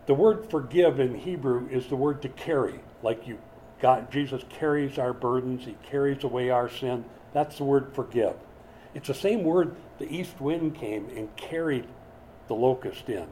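Mellow-voiced man preaching conversationally. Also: mid-range voice, moderate pace, a little hiss or hum. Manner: conversational and animated, with sudden dramatic swings; repeats words while building a point. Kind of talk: expository sermon.

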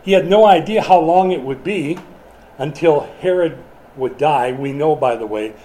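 A man's voice: on the high side, normal speed, warm tone, a little hiss or hum, poor audio. A middle-aged man preaching a sermon in a conversational way, asking the congregation questions as he goes. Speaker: pastor.

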